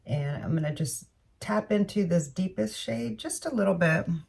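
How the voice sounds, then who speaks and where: A woman's voice: mid-range voice, lively intonation, normal speed, vocal fry, darkish tone, husky, recorded from a distance. A woman beauty vlogger talking casually through her makeup routine, rambling and correcting herself with murmured asides. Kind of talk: casual makeup tutorial chat.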